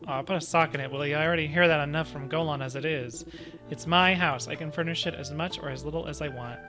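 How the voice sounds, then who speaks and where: A crude, grumbling monster who swears and drops slang, as a man reads him out. The voice sits a bit high for a man, and game music plays clearly underneath. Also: quick pace, close to an everyday voice. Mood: irritable. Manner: gruff, swearing, slangy drawl. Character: gruff grumpy male monster, rude and crude. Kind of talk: reading game dialogue aloud. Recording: game music playing behind.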